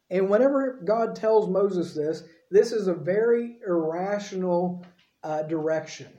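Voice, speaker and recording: High-voiced preacher in an echoey church. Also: male voice, unhurried, dark tone, lo-fi sound. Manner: folksy, conversational preaching with frequent asides. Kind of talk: sermon.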